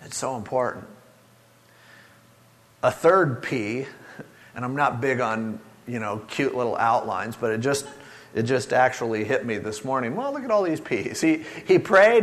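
A man preaching a sermon as pastor, earnest and conversational, often acting out prayers and quotes. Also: mid-range voice. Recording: long reverb of a large hall.

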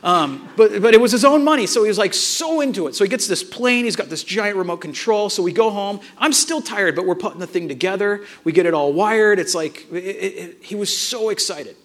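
Guy preaching, high-pitched voice, tells a story and does all the lines himself. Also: a little fast, hardly any pauses. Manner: animated storyteller, acts out dialogue, frequent restarts. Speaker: pastor. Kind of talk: sermon with personal storytelling.

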